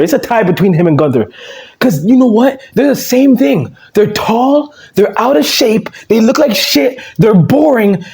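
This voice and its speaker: A man's voice: high-pitched, a little mellow. A man giving a casual, profane rant as a wrestling vlogger, blunt and exasperated. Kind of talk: casual ranting commentary.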